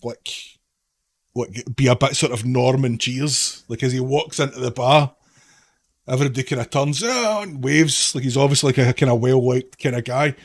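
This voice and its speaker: A man's voice: medium pitch, no room sound. A man narrating a tabletop game as game master in a casual, rambling way, full of fillers.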